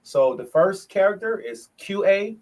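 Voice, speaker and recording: Leading a livestreamed bible study, a man in a high, animated voice preaches emphatically at a slightly slow pace. His delivery lurches from loud outbursts to near-whispers.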